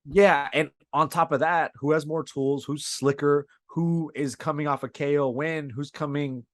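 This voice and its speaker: A man's voice: on the high side, fairly even intonation, unhurried, dry recording. Casual, profane man co-hosting a podcast. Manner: loose, profane, says dude a lot. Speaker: podcast co-host. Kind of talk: casual sports chat.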